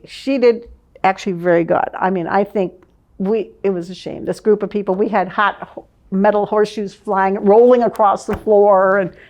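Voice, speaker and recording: An older woman, a former advertising manager, reminiscing in a lively storytelling way and laughing often. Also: medium pitch, moderate pace. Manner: lively, laughs often, vivid scene-setting.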